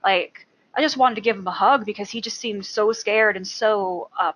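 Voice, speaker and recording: A woman's voice: medium pitch, moderate pace, fairly bright tone, poor audio. A woman co-hosting a fan podcast in casual chat, earnest and repeating herself for emphasis. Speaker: podcast co-host.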